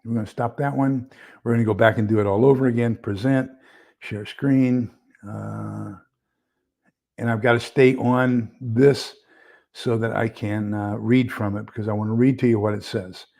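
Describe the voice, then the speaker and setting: A man talks loosely on a live stream, his mid-pitched voice carrying a gravelly edge. He drifts and circles back with lots of fillers while reading aloud and wrestling with screen sharing. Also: steady tone, moderate pace, darkish tone. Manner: rambling, filler-heavy, reads aloud while fumbling with screen share. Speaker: livestream host. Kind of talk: casual live-stream commentary.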